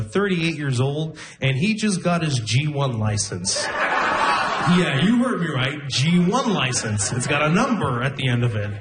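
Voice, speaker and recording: A young man performing a stand-up comedy set, telling stories deadpan and laughing at his own jokes. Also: fairly high pitch. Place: comedy club stage with audience.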